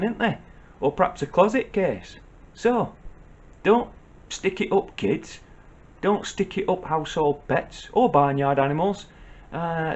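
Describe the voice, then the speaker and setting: A man's voice: sits high, a little mellow, highs cut off. A middle-aged man with a Northern English accent, giving a blunt, sardonic comic advice monologue in a lecturing tone. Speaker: comedian.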